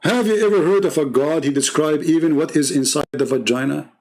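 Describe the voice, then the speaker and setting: A man's voice: fairly high pitch, fairly quick, darkish tone. A man hosting a live debate stream, delivering a heated, scornful monologue full of mocking rhetorical questions.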